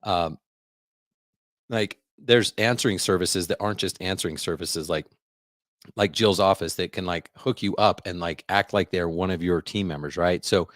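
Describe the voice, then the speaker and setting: A man's voice: deep voice, normal speed, a bit bright, no echo, clean studio sound. A man hosting a live podcast, talking casually and upbeat, with lots of filler words. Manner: upbeat, chatty, filler-heavy. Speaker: podcast host.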